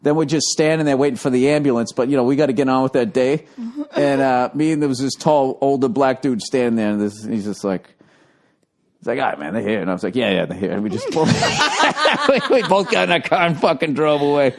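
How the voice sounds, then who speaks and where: A man's voice: mid-range voice, brisk. A man hosting a podcast, telling a story in a casual, profane, comic way. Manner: profane, animated, breaks into laughter. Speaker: podcast host.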